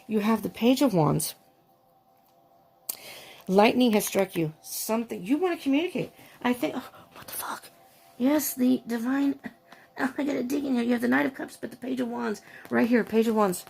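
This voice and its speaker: A woman doing a tarot reading, talking in a gushing, excitable way, often breaking off with exclamations and restarting her sentences. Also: fairly high pitch, moderate pace, vocal fry, breathy edge. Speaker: tarot reader.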